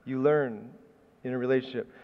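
A man's voice: mid-range voice, steady tone, normal speed, in a large hall, muffled recording. A man preaching a sermon in a conversational, storytelling way, often restarting his phrases. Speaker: pastor.

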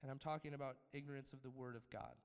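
A man's voice: mid-range voice, steady tone, quick pace. Preaching man in a reverberant hall. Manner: preaching with call-outs for amen, rising to emphatic peaks. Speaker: pastor. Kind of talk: sermon.

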